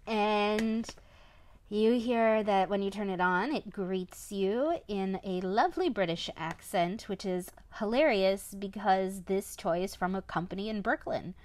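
Unhurried mother reviewing a toy. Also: medium pitch, a little mellow. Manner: chatty, often adds a questioning "right?". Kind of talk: casual product review.

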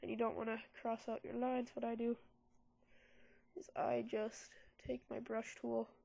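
Over background music, a congested young woman does a relaxed product review of a graphics tablet, showing off her drawing process. Her voice sits on the high side, creaky and dark, with a level tone and measured pace, and she chats and rambles with plenty of fillers.

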